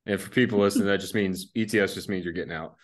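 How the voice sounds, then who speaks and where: A man's voice: low voice, very fast. A man from the United States, a podcast guest and army veteran, telling a rambling, laid-back story and laughing along as he goes. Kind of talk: casual anecdotal storytelling.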